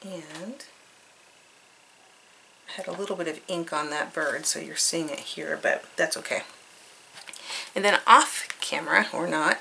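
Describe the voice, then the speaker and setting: A woman's voice: low-pitched, creaky, pushed and bright, a little hiss or hum, rough recording. A woman hosting a craft tutorial, chatting cheerfully and thinking aloud as she works. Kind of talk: casual craft demonstration.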